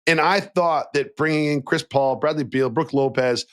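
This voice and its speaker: This basketball podcast co-host speaks at a normal pace in a slightly high voice. Lively and casual, he voices imagined player quotes as he chats about the game.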